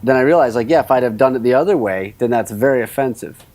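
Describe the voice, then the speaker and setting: A man's voice: mid-range voice, animated, fast, a little mellow. A man co-hosting a podcast in casual comedic chat, with dry teasing humor. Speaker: podcast co-host.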